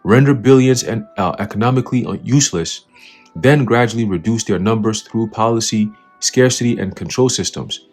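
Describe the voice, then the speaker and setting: A man with a low, husky voice delivers a heated religious commentary. He reads passages aloud and then tears into them, swearing and laughing scornfully between points. Faint music plays underneath. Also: normal speed, a little mellow. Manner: profane, scornful, preachy, laughs at his own jabs. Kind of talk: fiery spoken commentary reading from an article.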